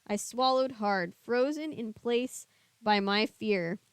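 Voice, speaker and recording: Young woman, Southern US accent, reading aloud with chatty asides, smooth clear voice, fairly high, dry sound. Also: takes it slowly, no echo. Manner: reads the book, then chats casually with viewers. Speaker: streamer reading a book aloud. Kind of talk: book reading with live chat asides.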